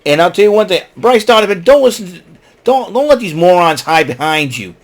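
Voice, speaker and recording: A very animated man with a high voice recaps a show fairly quickly on his podcast. Casual and rambling, he offers pointed opinions while ridiculing the people he covers.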